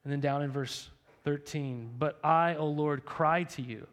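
A man's voice: a little high, steady tone, measured pace. A young man preaching a sermon to his congregation in a conversational way, full of rhetorical questions and "right?". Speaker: pastor.

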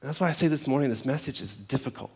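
A man preaching a sermon in a relaxed, conversational way, often acting out characters in everyday voices. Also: medium pitch, rapid-fire, gravelly, breathy edge. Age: adult parent. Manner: conversational, acts out biblical characters in casual voices. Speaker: pastor.

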